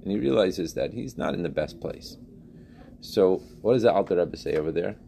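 A man teaching a religious text class, animated, questioning students and repeating phrases as he explains. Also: low-pitched, moderate pace, gravelly, slight background noise. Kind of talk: interactive class lecture.

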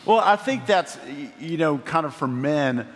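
A man's voice: fairly high pitch, expressive, a little slow. A man hosting an interview in an affirming, encouraging way, reflecting back on what his guest says. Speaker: podcast host. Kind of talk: interview conversation. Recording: long reverb.

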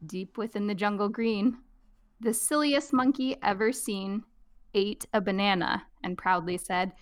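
Gravelly-voiced woman reading aloud. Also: medium pitch, unhurried. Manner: expressive, animated. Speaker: podcast co-host. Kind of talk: storybook reading and casual discussion.

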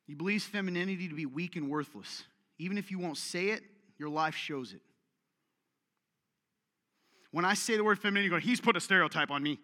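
A man's voice: high-pitched, fast talker, pushed and bright. A male pastor preaching a conversational sermon, joking with his audience and acting out the voices he quotes. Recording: long hall reverb.

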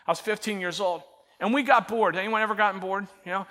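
A middle-aged male pastor preaching a sermon in a church, telling a story with animated, self-mocking energy and then turning quiet and prayerful. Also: sits high, fast. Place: church auditorium.

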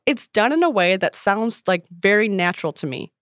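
A woman co-hosts a casual podcast and reads listener questions out loud. She laughs at her own stumbles and fills the talk with self-deprecating asides. Her voice is recorded dry and close. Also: medium pitch, lively intonation, normal speed, few pauses, no room sound. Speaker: podcast co-host.

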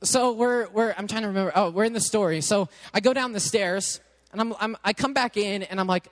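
A man preaching in a chatty, animated storytelling way, often restarting his sentences. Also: sits high, fairly quick. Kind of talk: storytelling sermon. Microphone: headset mic.

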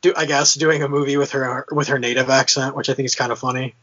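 A man's voice: medium pitch, flat delivery, fast talker, sharp tone, husky, lo-fi sound. A man in casual chat, hesitant and full of fillers.

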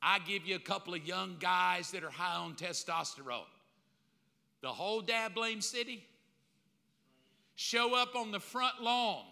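A man's voice: high-pitched, expressive, measured pace, vocal fry, long pauses, sharp tone. A middle-aged man preaching a sermon, telling the story with humor and acting out the voices of a crowd. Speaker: pastor. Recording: long reverb of a large hall.

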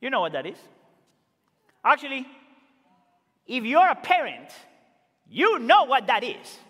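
A man preaching a sermon as pastor, earnest and emphatic, rising to loud exclamations and dropping to quiet asides. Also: very high-pitched, sing-song, unhurried. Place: church sanctuary. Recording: reverberant church hall.

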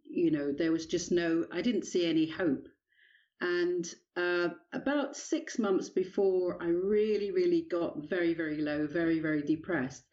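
Woman, British English accent, middle-aged, hesitant, mellow low voice, lo-fi sound. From England. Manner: hesitant, many ums, soft-spoken. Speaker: guest author. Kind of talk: personal testimony in an interview.

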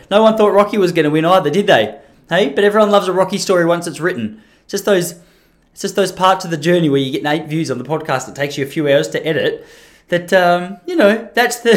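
A man hosting his own podcast, rambling and self-deprecating in casual chat. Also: fairly high pitch. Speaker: podcast host.

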